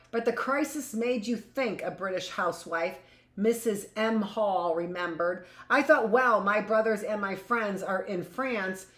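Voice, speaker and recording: A woman teacher reading a history book aloud in a live class and breaking off for chatty asides that end in "right?". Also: mid-range voice. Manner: reads passages aloud, then adds conversational asides with "right?".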